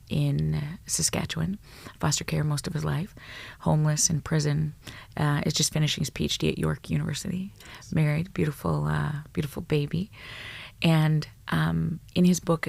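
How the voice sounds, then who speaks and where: Brief: woman psychologist guest, gravelly and husky, blunt, animated, swears freely. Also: deep voice, no echo. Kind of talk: storytelling in a podcast interview.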